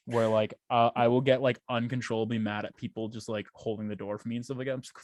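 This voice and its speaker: A young man co-hosting a podcast in casual chat, telling profane, animated stories with big jumps in pitch. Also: fast talker, no echo, studio quality. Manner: profane, animated storytelling with sharp swings up and down in pitch. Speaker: podcast co-host.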